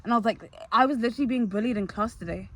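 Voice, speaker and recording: A woman's voice: fairly high pitch, rapid-fire, rough recording. A young woman talking to her viewers in a loose, chatty monologue. She tells it candidly, with lots of fillers and restarts. Faint noise sits behind her voice. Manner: candid, animated, many fillers. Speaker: vlogger. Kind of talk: casual storytelling monologue.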